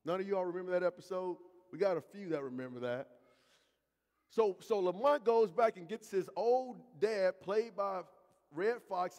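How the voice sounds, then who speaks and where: A high-voiced man, preaching a sermon. He leans into emphatic, drawn-out phrases and keeps calling out to the congregation. His voice rings with the long reverb of a church hall. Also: darkish tone. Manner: preaching with emphatic slow repetition and call-outs to the congregation. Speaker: pastor. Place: church sanctuary.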